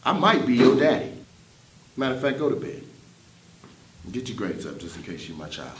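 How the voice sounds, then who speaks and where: A man playing a teacher in a comedy sketch, roasting his students in a loud, mocking way. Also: medium pitch, sing-song, moderate pace, recorded from a distance. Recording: echoey room with background noise.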